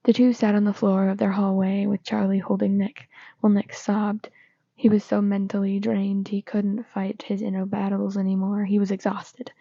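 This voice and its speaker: A woman reading fanfiction aloud in a steady, plain way, with small slips and restarts. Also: medium pitch, moderate pace, vocal fry, no room sound. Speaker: fanfiction reader. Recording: slightly dull lo-fi recording.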